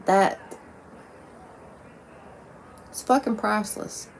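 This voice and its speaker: A woman's voice: medium pitch, normal speed, creaky, a little hiss or hum. A woman talking bluntly and profanely in a rambling casual monologue, with lots of "like"s. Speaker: vlogger.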